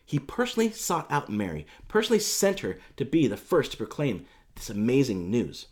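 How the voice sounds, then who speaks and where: A man's voice: medium pitch, wildly swooping pitch, a little fast. A man preaching a sermon as pastor, telling the story in a conversational, emphatic way with casual fillers.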